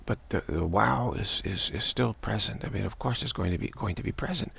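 Male spiritual teacher, lowish pitch, raspy gravelly voice, halting and repetitive delivery. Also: a bit bright. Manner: halting, repeats words and restarts often. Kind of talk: reflective spiritual monologue.

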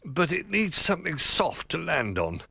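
A man's voice: fairly high pitch, moderate pace, creaky, husky, no room sound, studio quality, pitched above the performer's own voice, exaggerated voice. Rabbit, a man doing a bouncy toy rabbit. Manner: bouncy, excitable. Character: eager, playful male toy rabbit full of ideas.

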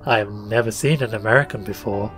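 A man voicing a mysterious young noblewoman falconer, speaking softly and wistfully in a raised voice in a storybook reading. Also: fairly low pitch, fast, faint music behind, natural voice. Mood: gentle, eerie.

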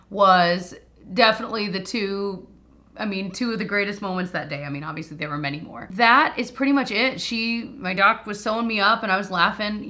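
A woman's voice: medium pitch, bright, forceful tone. A woman, chatting emotionally and laughing often as she tells a personal story to her viewers. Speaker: lifestyle vlogger. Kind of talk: casual storytelling while doing makeup.

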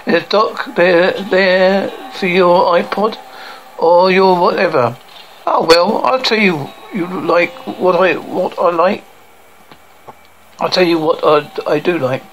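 A man doing a dramatic reading of a TV episode and voicing every part, halting and restarting as he goes. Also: high voice, fairly bright tone, a little hiss or hum, poor audio. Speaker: reader voicing all parts.

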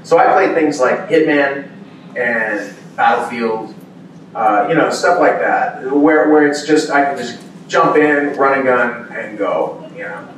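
A voice actor guest on a convention panel tells animated stories during a casual Q&A, acting out the exclamations of the people involved. His mid-range voice is unhurried and sounds far off in a big, echoey hall, with a faint hum of ambience underneath.

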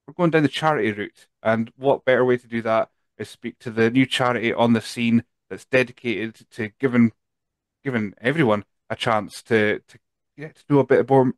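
A man's voice: mid-range voice, normal speed, no echo. A Scottish man hosting a podcast interview in a chatty, joking way. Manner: chatty, jokey, loose with restarts. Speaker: podcast host. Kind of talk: casual interview chat.

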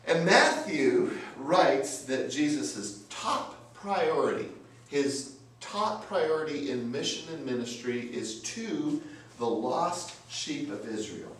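A man preaches slowly and emphatically, his pitch rising and falling widely as he repeats phrases and asks rhetorical questions. He is heard from a distance in a church sanctuary with heavy echo and a faint noise underneath. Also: animated, a bit bright. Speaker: pastor. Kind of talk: sermon. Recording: very echoey church, mic from afar, faint noise.

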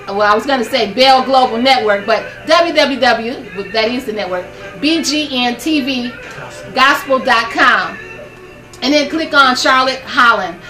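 A woman's voice: on the high side, unhurried, pushed and bright, roomy sound, distant mic, soft background music. An older woman hosting a gospel program from her home, giving a fervent, preachy devotional talk to camera and laughing often.

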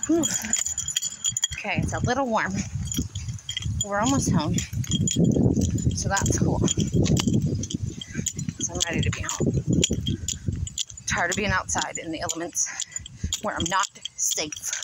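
A woman's voice: mid-range voice, lively intonation, slow, pauses often, heavy background noise. A young woman from Ohio chatting casually into her phone as she walks home, rambling and repeating herself, a little out of breath. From Ohio, United States. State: slightly out of breath from walking. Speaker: vlogger. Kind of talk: casual walking vlog chat. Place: outdoors on a neighborhood street. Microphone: phone held while walking.

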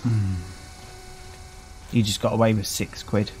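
A man's voice: lowish voice, flat delivery, measured pace, music in the background, poor audio. Chatty British man doing game commentary. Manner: chatty and wry, greeting game characters. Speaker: gaming channel host. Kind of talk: casual let's-play commentary.

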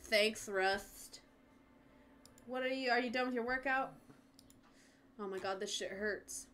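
Woman gamer streamer, high-ish voice, unhurried, swears a lot, chats to her pets. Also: bright, forceful tone, a little hiss or hum. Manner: chatty, swears often, talks to her pets. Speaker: gaming streamer. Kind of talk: casual livestream chat. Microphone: headset.

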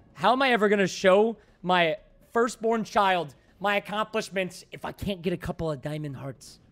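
Excitable high-voiced man streaming a game. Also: moderate pace. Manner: excitable, shouts in frustration, jokey banter. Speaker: gaming livestreamer. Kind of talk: casual gaming livestream commentary.

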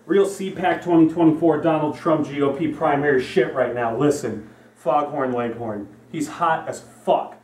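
A man's voice: fairly high pitch, moderate pace, darkish tone, echoey room, far from the mic. A young man delivering a profane, rambling comedy rant, repeating himself to hammer points. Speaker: comedy vlogger.

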